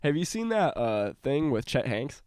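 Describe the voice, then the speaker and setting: A young man co-hosting a podcast in casual chat, rambling with lots of filler words and laughing often, a little hoarse from a cold. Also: mid-range voice, big pitch swings, normal speed, a little mellow, no echo, clean studio sound. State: slight cough from a cold. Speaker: podcast co-host.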